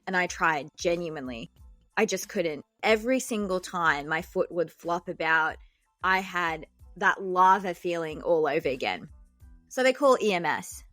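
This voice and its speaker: Low-voiced woman telling a comic story. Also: expressive, normal speed, a bit bright, no room sound. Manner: joking, self-deprecating, dramatic. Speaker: podcast host and doctor. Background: faint background music.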